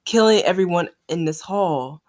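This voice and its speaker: A solemn, dying old yakuza boss gives his parting words, read aloud by a woman from a comic. The reading stumbles over words and keeps a fairly low pitch. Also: moderate pace, a little mellow, close to an everyday voice.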